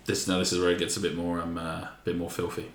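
A man hosting a podcast in casual chat, teasing and relaxed, swearing casually. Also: low voice, fast talker, reverberant, slight background noise. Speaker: podcast host.

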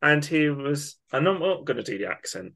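A man's voice: a little high, big pitch swings, normal speed, creaky, a bit bright. A man co-hosting a football podcast, ranting with emphatic indignation. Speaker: podcast co-host. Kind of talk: opinionated football podcast rant.

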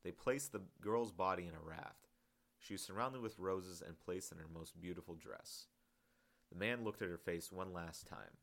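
A man reading his own novel aloud in a calm, measured audiobook narration. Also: low voice.

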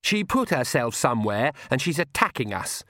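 A man's voice: mid-range voice, sing-song, moderate pace, bright, forceful tone, no room sound, studio quality. A man doing a scornful young vampire woman. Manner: snide, scornful. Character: sneering haughty young female vampire.

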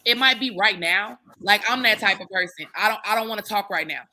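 A woman guesting on a podcast, chatting casually and thinking out loud with frequent restarts. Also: medium pitch, brisk. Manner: thoughtful, hesitant, with many restarts and "like". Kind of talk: casual chat.

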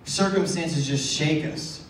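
A man's voice: a little high, slow pace, a little hiss or hum. A male pastor preaching a casual, conversational sermon in a church, often asking the congregation rhetorical questions. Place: church sanctuary. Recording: echoey hall from far off.

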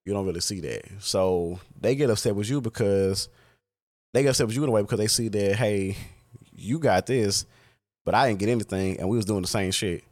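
A man's voice: on the low side, brisk, a little mellow. A man talking casually in a reflective monologue, rambling and swearing freely.

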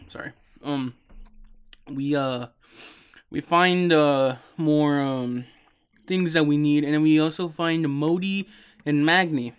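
Sleepy young man rambling slowly. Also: a little high, fairly even intonation, clean tone. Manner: rambling, lots of ums and uhs, swears. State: sleepy, yawning. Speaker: podcast host. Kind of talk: casual game recap.

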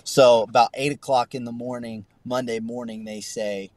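A man's voice: mid-range voice, fairly even intonation, moderate pace, hardly any pauses, a little mellow, no room sound. A man, a guest pastor, telling a personal faith story in an earnest, conversational way with frequent restarts. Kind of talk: conversational testimony on a podcast.

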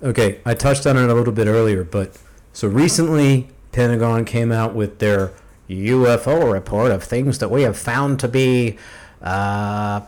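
A man hosting a casual podcast chat, animated and opinionated, swearing freely. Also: medium pitch, unhurried. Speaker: podcast host.

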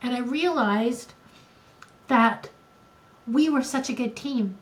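A woman's voice: a little high, takes it slowly, rough recording. An older woman co-hosting a podcast, talking candidly and emotionally in casual conversation, with frequent restarts. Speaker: podcast co-host.

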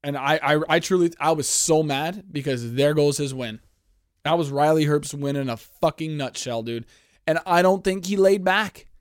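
A fired-up man on a sports podcast, swearing freely and rambling from one gripe to the next. His voice sits a little high for a man, and the sound is close and dry with no room around it. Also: normal speed, no room sound. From Canada. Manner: profane, heated, rambling. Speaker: podcast host. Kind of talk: casual sports podcast rant.

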